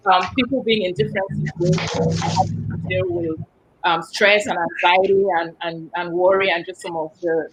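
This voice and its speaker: A woman guest on a talk show, speaking with a cold and a cough drop in her mouth, explaining her background in an animated way. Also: on the low side, a little hiss or hum, low-quality recording. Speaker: guest, business director. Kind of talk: panel discussion.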